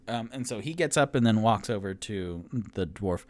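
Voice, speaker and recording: A man's voice: lowish voice, measured pace. A man running a tabletop game on his own, narrating casually with many fillers. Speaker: game master and sole player.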